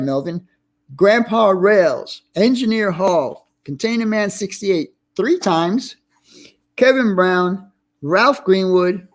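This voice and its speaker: A man hosting a casual livestream, chatty and reading out viewer names with friendly greetings. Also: sits high. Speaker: livestream host.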